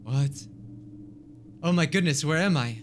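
A man playing a horror game and commenting as he goes, thinking aloud and getting loudly frustrated. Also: unhurried, a little hiss or hum. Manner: excitable, thinks aloud, swings between mutters and high yelps of frustration. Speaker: gaming YouTuber. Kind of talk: let's play commentary.

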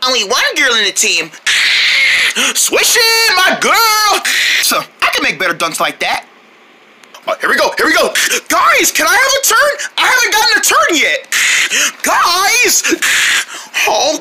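A woman's voice: high-pitched, background noise. A woman performing playful skits and mock ads, switching between silly character voices.

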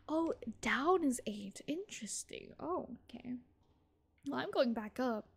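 Bubbly high-voiced young woman streamer. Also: animated, unhurried, creaky, breathy edge. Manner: bubbly, giggly, greets chat by name. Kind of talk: casual game-stream chat. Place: small room with thin walls, indoors.

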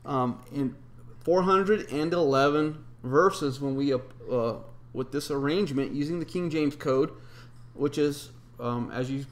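A man's voice: on the high side, unhurried. Methodical man explaining number patterns. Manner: methodical, recites numbers and scripture with filler ums. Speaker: video presenter. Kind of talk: explanatory monologue.

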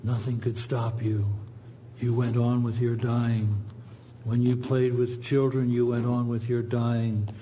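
Man, poetry reading, unhurried pace, mellow voice, faint hiss behind. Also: mid-range voice. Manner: slow, measured, even recitation. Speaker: poet.

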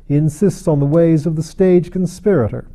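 A man's voice: a little high, normal speed, dark tone, lightly acted. A man voicing a hearty, mocking anarchist leader in an audiobook, talking in a jovial, teasing way. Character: hearty, mocking, boisterous older male anarchist chief.

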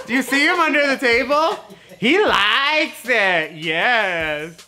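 Brief: profane comedy host in his forties, crude and mocking, bright, forceful tone, faint music behind. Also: extremely high pitch, lively intonation, unhurried. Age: 40s. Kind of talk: raunchy comedic video commentary.

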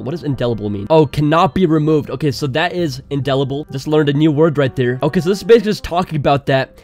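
A man hosting a casual tech video, excitable and laughing often as he walks through a phone trick. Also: on the high side, fast, faint music behind.

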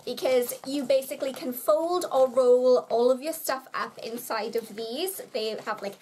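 A young woman from the UK talks through her shopping haul in a casual, chatty vlog. Her voice sits high, and she comes across as bubbly and quick to poke fun at herself. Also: a little mellow, slightly rough. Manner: bubbly, chatty and self-mocking. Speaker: vlogger.

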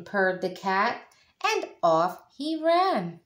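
A woman, a teacher, reading a children's picture book aloud in an expressive way. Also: a little high. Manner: slow, expressive storytelling. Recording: echoey room.

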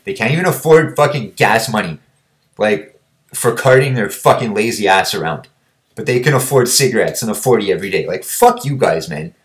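A man's voice: lowish voice, animated, brisk. A young man vlogging, ranting bluntly and combatively, swearing constantly. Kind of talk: profane ranting monologue.

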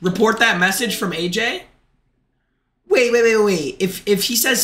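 A young man streaming a game live, talking to his chat in an excitable, shouty way. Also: high-pitched, measured pace. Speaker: gaming streamer.

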